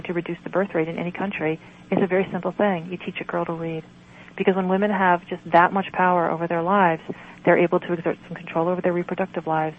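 A woman reading her own prose aloud in a measured, earnest way, then answering interview questions. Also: lowish voice. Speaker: author and guest. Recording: dull lo-fi sound with faint noise.

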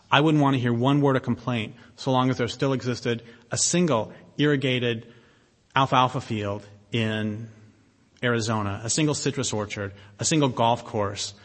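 A man giving an impassioned public talk, blunt and sardonic, with emphatic stresses and long pauses. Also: medium pitch. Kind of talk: impassioned lecture to an audience. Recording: long reverb of a hall.

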